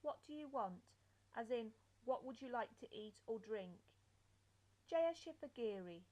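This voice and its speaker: Young woman learner, fairly high voice, unhurried careful drilling of phrases. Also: lively intonation, warm tone. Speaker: language learner. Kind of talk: reading out phrases and their translations.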